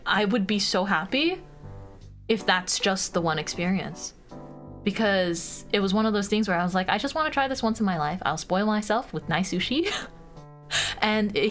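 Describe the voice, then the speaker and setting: A woman's voice: medium pitch, fairly bright tone. Woman, young adult, American accent, bubbly, giggly, lots of fillers, casual stream chat, faint music. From United States.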